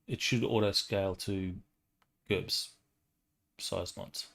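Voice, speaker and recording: A man's voice: sits low, steady tone, takes it slowly, creaky, fairly bright tone. A man running a tabletop game as game master, explaining rules in a patient, matter-of-fact way.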